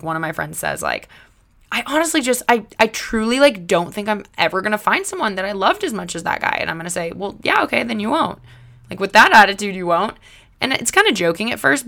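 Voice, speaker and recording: A woman's voice: on the low side, creaky, a bit bright. A young woman giving a motivational self-help talk as a vlogger, chatty and emphatic, with many filler words.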